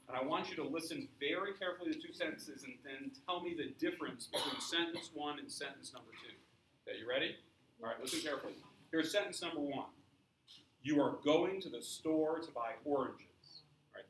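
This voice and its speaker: A man's voice: fairly high pitch, fairly bright tone, a little hiss or hum. A man teaching science to a class, explaining with examples and asking students questions. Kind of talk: classroom lecture. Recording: echoey classroom from far off.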